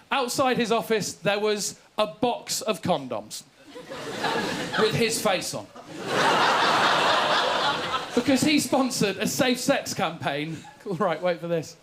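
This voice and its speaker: A man's voice: high voice, very noisy. A young man from England doing stand-up, telling self-mocking, posh stories and acting out the quotes. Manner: self-deprecating, posh storytelling with acted-out quotes. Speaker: stand-up comedian. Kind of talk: stand-up set.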